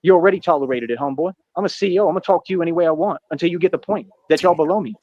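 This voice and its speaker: Fast, boastful man with a muffled sound. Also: fairly high pitch, no echo. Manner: boastful, defiant, rapid slang-filled talk. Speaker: streamer in a played clip. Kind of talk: boastful monologue.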